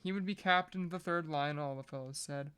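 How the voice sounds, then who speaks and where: A podcast reader reading a novel aloud at a measured pace, breaking off now and then for casual joking asides. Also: mid-range voice, a bit bright, clean tone.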